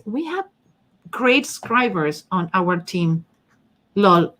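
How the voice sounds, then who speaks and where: A woman's voice: mid-range voice, big pitch swings, drawn-out words, pauses often, a bit bright, slight background noise. Chatty woman with a strong accent. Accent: non-native English. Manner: chatty, reads and answers viewer comments. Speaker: host and face-reading teacher. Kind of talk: casual live-stream talk.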